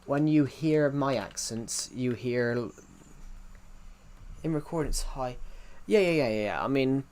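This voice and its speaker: A man's voice: mid-range voice, a little slow, darkish tone. A young man chatting casually on a gaming livestream, rambling and correcting himself while answering chat.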